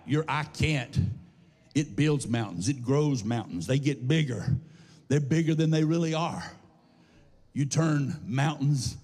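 A man preaching a lively call-and-response sermon that rises into sung shouts, recorded in a large church hall. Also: mid-range voice. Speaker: pastor. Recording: husky voice, long hall reverb.

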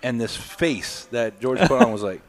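A man hosts a relaxed podcast, chatting easily and teasing his co-hosts. He tells stories and rattles off quick, playful questions to his guest. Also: medium pitch. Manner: joking, teasing. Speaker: podcast host. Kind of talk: casual chat, quick-fire questions.

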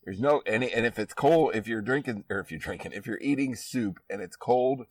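A man's voice: mid-range voice, a little fast, slightly rough, no echo, far from the mic, poor audio. A man from Iowa hosting a podcast, chatting casually and laughing easily, recorded outdoors in a backyard. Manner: laid-back, laughing, chatty. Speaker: podcast host. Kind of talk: casual chat.

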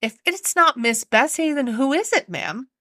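A woman doing an anxious young maid in service, polite and apologetic, her voice raised high and moving a lot. It is a storybook reading, close and dry. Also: lively intonation, normal speed, sharp tone, no echo. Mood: deferential. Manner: respectful, apologetic.

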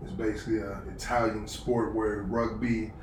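A man's voice: fairly low pitch, flat delivery, normal speed, recorded from a distance. A laid-back man talking in profane group chat, tripping over repeated words before he gets going. He sits back from the mic. The room adds echo and a faint hiss. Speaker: podcast co-host.

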